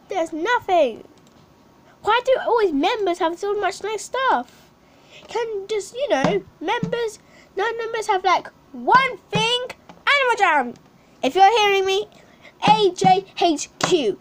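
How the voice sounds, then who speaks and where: A young female vlogger talks over a game in a very high voice. She speaks slowly and swoops up and down as she pleads and grumbles. Faint room noise sits behind her. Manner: pleading and complaining. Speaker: channel host. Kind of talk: casual gameplay commentary.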